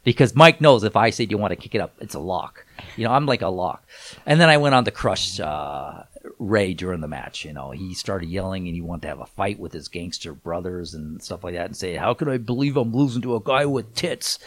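A middle-aged man, a guest on a show, telling a rambling story with many restarts and getting loud when excited. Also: sits low, fairly quick. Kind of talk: casual anecdote telling.

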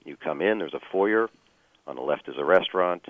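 A man telling a personal story as a guest, measured and full of fillers and restarts. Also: low voice, expressive, phone-quality sound.

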